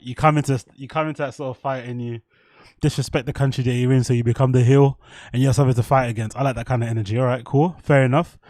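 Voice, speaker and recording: A man's voice: mid-range voice, darkish tone, dry recording, studio quality. A man hosting a casual livestream, talking loosely to his viewers in slang and with plenty of swearing. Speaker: livestream host. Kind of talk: casual rambling livestream chat.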